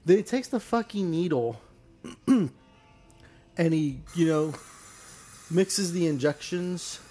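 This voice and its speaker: A man with a fairly high voice tells a long story on a casual podcast. He rambles, swears freely and acts out his own yelps of pain. Faint music plays underneath. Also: lively intonation, takes it slowly, dark tone. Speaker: podcast co-host.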